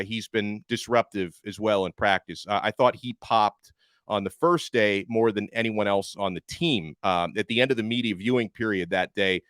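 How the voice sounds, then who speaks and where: A man's voice: fairly low pitch, a bit bright, dry recording, studio quality. Upbeat man hosting a sports podcast. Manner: conversational, upbeat, self-deprecating. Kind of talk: casual sports analysis.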